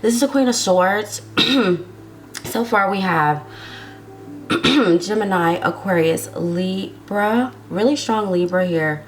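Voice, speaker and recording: Slow, chatty woman reading tarot. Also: medium pitch, faint music behind. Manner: chatty, drawn-out words, frequent "okay?" tags. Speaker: tarot reader. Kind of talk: casual tarot reading to camera.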